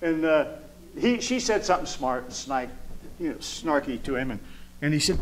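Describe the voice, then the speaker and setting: Male pastor, high-pitched, conversational sermon delivery in a church, reads scripture in between asides. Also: expressive, moderate pace, a little hiss or hum. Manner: conversational, chuckling asides, reading scripture aloud. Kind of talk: informal sermon. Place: church sanctuary.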